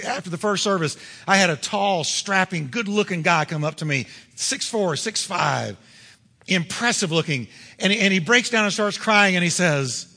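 Man, pastor, sermon, emphatic preaching, bright voice, long hall echo. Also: high voice. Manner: emphatic preaching, building to forceful climaxes.

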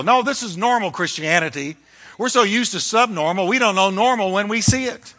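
A male pastor delivering a fiery, emphatic sermon, swinging between loud declarations and hushed lines. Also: high-pitched, brisk. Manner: fiery, emphatic preaching with dramatic shifts.

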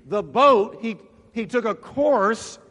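A man preaching in a church sanctuary, his voice high and bright, with a long reverb ringing around him. He tells the Bible story dramatically, slipping into the voices of its figures. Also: animated, takes it slowly. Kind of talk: sermon.

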